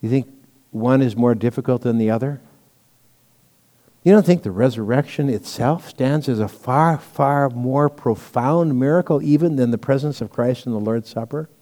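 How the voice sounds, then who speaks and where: A man's voice: mid-range voice, normal speed, dark tone, long reverb tail. A man preaching a sermon as pastor, teaching in a conversational way with stories and asides.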